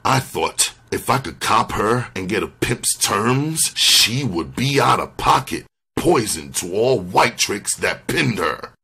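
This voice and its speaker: A man reading a first-person memoir aloud, slow and deliberate. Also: fairly low pitch, very animated, vocal fry, bright, forceful tone, slightly rough. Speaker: audiobook reader.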